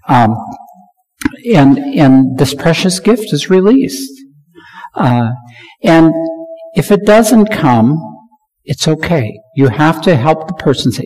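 Animated, restarting preacher in a reverberant hall. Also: male voice, a little high, takes it slowly. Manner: animated, repeats words and restarts often. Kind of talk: sermon.

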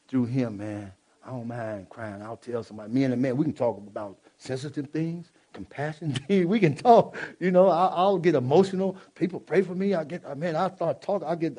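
Brief: man testifying from the pulpit, fairly high voice, fervent, casual, runs from hushed to loud. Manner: casual, repetitive asides to the listeners. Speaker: church speaker giving testimony. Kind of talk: preaching testimony.

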